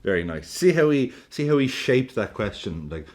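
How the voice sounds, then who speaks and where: A man hosting a football reaction video, talking in an animated, jokey way and swearing freely. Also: mid-range voice, normal speed. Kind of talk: casual reaction commentary.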